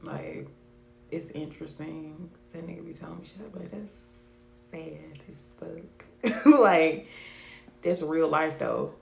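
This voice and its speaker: A young woman co-hosting a podcast, loud, laughing and profane in casual chat. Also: sits low, takes it slowly, vocal fry. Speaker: podcast co-host. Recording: roomy echo, faint hum.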